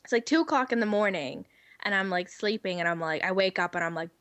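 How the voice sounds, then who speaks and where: A young adult woman, a guest, telling stories in casual chat, animated and giggly with lots of fillers. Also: medium pitch, fast talker, no room sound.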